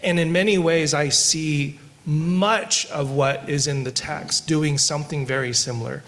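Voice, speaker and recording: A man co-hosting a podcast who tells stories while teaching scripture, moving between quick asides and slow, emphatic lines. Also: a little high, steady tone, fairly bright tone. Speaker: podcast co-host discussing scripture. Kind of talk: conversational Bible teaching with storytelling.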